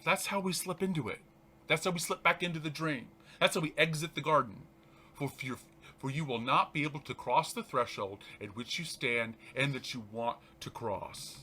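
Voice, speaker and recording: A man, a reverend hosting his show, reads a spiritual text aloud and comments on it in an animated, halting way, often restarting and laughing. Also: medium pitch, a little hiss or hum.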